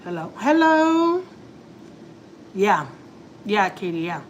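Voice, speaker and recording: A family vlogger with a medium-pitched voice and big pitch swings tells her viewers a story slowly and casually. She rambles and confides emotionally, leaning heavily on "like" and "you know." The recording has the highs cut off and slight background noise.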